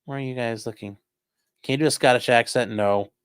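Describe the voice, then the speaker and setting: A man's voice: mid-range voice, a little fast, clear, resonant tone, no echo, studio quality. Sarcastic, rambling male streamer. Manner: sarcastic, rambling, swears casually. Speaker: livestream host reading viewer donations. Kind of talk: casual livestream commentary.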